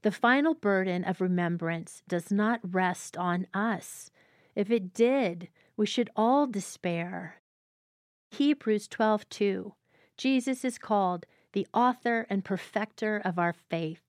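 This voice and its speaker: A woman's voice: medium pitch, no echo, clean studio sound. Earnest woman giving a devotional talk. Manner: earnest, reflective, unhurried phrasing. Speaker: host of a devotional teaching show. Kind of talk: devotional teaching, reading passages aloud.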